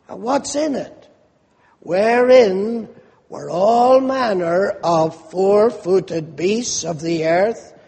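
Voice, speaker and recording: A man preaching a sermon, slow and emphatic, rising into animated rhetorical questions. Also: high-pitched, big-room sound.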